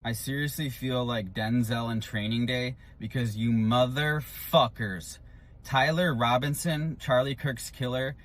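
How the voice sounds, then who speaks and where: A man's voice: medium pitch, fairly bright tone. A man delivering indignant, profane commentary to the camera. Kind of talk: reaction commentary.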